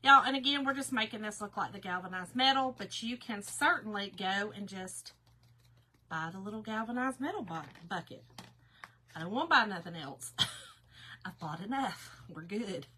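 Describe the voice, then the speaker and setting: A woman's voice: medium pitch, expressive, moderate pace, bright, forceful tone, slight background noise. A woman hosting a casual craft livestream, chatting to viewers and reading their comments aloud, stumbling over words because her mouth is sore.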